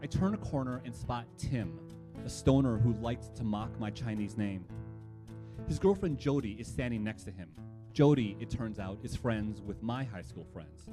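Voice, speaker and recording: A man's voice: lowish voice, expressive, normal speed, music in the background. A man telling a first-person story from his own life in a wry, reflective way.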